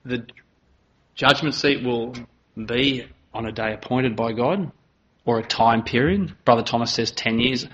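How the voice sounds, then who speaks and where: A man's voice: medium pitch, unhurried, a bit bright. A man preaching a sermon in an earnest manner, voice rising dramatically when he acts out quoted lines. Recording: slightly dull, lo-fi sound.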